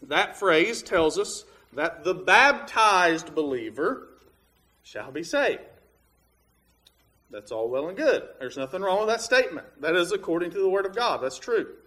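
A man with a bright, forceful voice pitched a little high for a man, preaching a Bible lesson. He reasons through his point step by step, with plenty of "uh"s and restarts along the way. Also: sing-song, measured pace. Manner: plain, reasoning step by step with many fillers. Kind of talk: Bible teaching sermon.

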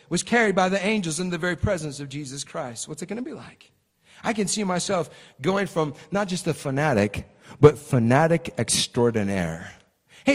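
Preacher guy with a high voice, chatty sermon that keeps going "right?" and breaks into shouting, big echoey church. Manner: chatty storytelling that bursts into shouted exclamations; keeps asking the crowd "right?". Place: church sanctuary. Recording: long hall reverb.

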